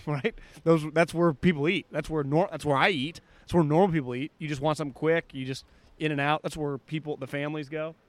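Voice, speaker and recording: Animated male podcast storyteller, dry mic. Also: on the high side, fast talker, no echo. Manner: animated storyteller, acts out quotes. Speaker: podcast co-host. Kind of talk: casual sports chat.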